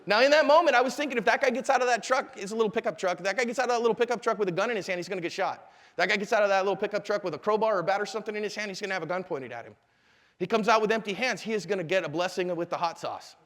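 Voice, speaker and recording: A middle-aged man with a fairly high voice leads a live seminar in a convention hall, telling stories with lively energy and slipping into the voices of the people he describes. His voice rings with a long, echoey hall reverb. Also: very fast. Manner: animated storyteller, acts out quotes. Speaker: self-defense instructor.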